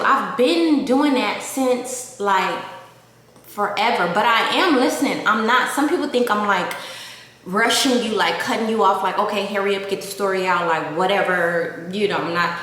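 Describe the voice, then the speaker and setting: A woman's voice: medium pitch, expressive, moderate pace, a bit bright. Rambling woman with a Southern-Valley drawl. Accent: mix of Southern and Valley. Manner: rambling, heavy use of "like" fillers. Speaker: vlogger. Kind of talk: casual confessional storytelling. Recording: very echoey room with faint hiss.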